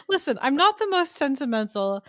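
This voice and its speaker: A woman's voice: high-pitched, sing-song, measured pace, no echo, clean studio sound. A woman, a returning guest on a podcast, chatting casually and bluntly, joking at her own expense and laughing often. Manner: jokey, laughs often, blunt and self-mocking.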